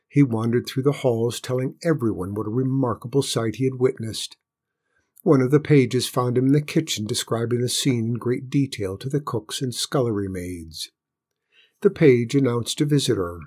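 Male storybook narrator, husky, even and unhurried. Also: mid-range voice.

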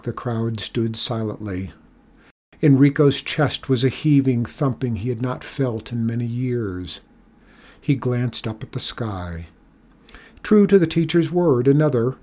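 Husky male storyteller, measured read-aloud, mid-pitched. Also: dark tone.

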